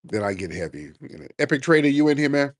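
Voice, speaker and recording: A man's voice: medium pitch, very animated, fairly quick, no room sound. A man hosting a live call-in audio chat with a lingering cough, brash and sarcastic, cursing freely as he takes callers. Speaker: host.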